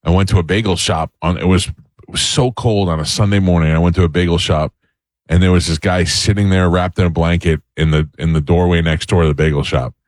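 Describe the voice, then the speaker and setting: A man with a very low voice hosts a morning radio show in quick, casual banter. He tells stories by playing out both sides of the talk. The studio sound is dry and close. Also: fairly even intonation, no room sound. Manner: storytelling, acts out both sides of exchanges. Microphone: studio mic.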